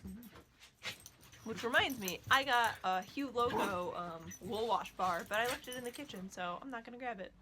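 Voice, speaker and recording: A woman's voice: fairly high pitch, brisk, hardly any pauses, background noise. A woman chatting casually at home as a knitting vlogger, gushing about what she loves and breaking off to scold her dogs. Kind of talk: casual chat.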